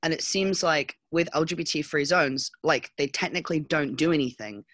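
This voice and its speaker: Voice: medium pitch, normal speed, fairly bright tone, no room sound. A podcast co-host, rambling through casual discussion with many fillers and restarts.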